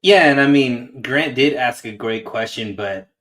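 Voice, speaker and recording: A man's voice: medium pitch, unhurried, a bit bright. A man co-hosting a sports podcast over a video call, talking loosely and rambling with plenty of fillers. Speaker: podcast co-host. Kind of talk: casual sports chat.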